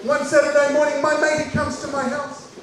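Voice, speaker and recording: High-voiced Kiwi storyteller, echoey distance. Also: male voice, brisk, background noise. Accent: New Zealand. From New Zealand. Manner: animated, repeating lines for effect. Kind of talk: told childhood story.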